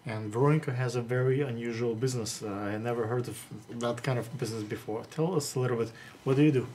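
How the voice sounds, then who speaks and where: A man hosting an interview, speaking haltingly and restarting his sentences, his words dotted with pauses. His voice sits at an ordinary pitch for a man. Faint ambient noise hangs behind him. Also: darkish tone. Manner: halting, full of hesitations and restarts. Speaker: interviewer host. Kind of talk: casual interview chat.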